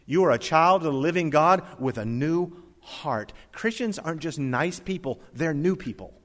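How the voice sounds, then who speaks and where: A man preaching a sermon, reading scripture aloud and swinging between loud emphatic lines and soft quiet ones. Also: a little high, lively intonation, moderate pace. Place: church hall with congregation. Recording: long reverb of a hall.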